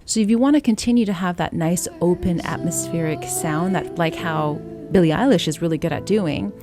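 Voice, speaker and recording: A woman voice coach teaching a song, explaining calmly and singing short example lines. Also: fairly low pitch, fairly quick, over music. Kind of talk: singing lesson.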